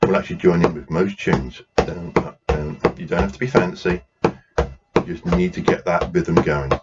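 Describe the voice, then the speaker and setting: Deep-voiced guy teaching a drum class, counts the beats out patiently, dull noisy recording. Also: normal speed. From England. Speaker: drumming workshop teacher. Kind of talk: demonstrating drum rhythms while counting. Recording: dull lo-fi sound with noise.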